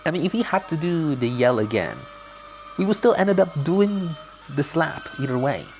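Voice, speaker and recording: A man's voice: fairly high pitch, expressive, normal speed, background noise. A man casually commenting on a mobile game he is playing, rambling with slips. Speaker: gaming channel host.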